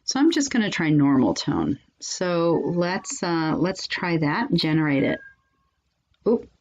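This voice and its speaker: Woman tutorial host, low voice, chatty and loose, muffled lo-fi sound. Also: very animated, unhurried, darkish tone, slight background noise. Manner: chatty, many ums and restarts. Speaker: software reviewer and channel host. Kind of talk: casual screen-recording walkthrough.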